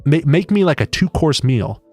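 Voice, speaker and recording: Man doing a coaxing little gnome spirit, bargaining in a higher voice, dry close sound. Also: very animated, moderate pace, darkish tone, no room sound, soft background music. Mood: wheedling. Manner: coaxing, making deals.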